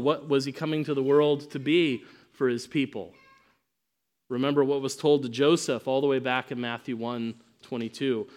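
A man preaching a sermon, emphatic, swinging between loud proclamation and quiet asides. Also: medium pitch, steady tone, normal speed.

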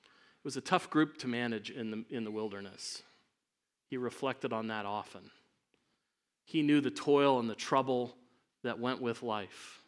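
A man preaching a sermon from the pulpit at a medium pitch. He moves between calm, low reflective stretches and loud, emphatic climaxes. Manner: preaching with rising emphatic peaks. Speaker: pastor.

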